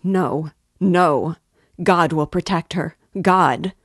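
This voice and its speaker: A woman's voice: low voice, steady tone, slow, no room sound, clean studio sound. A woman reading the lines of a frightened, devout young woman who cries out in anguish. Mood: desperate. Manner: pleading, crying out in anguish.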